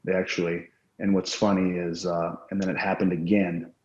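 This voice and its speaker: A man's voice: sits low, level tone, moderate pace, a little mellow. A man telling rambling, profane anecdotes as a guest in a casual interview. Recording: roomy, dull lo-fi sound.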